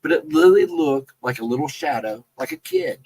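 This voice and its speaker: A man tells his own ghost encounters in a loose, chatty way, often doubling back to correct himself. His voice is gravelly and husky. His pitch swings up and down a lot. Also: huge pitch swings, a little fast, darkish tone, poor audio. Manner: rambling, self-correcting, conversational. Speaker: guest storyteller. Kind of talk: casual telling of personal ghost encounters.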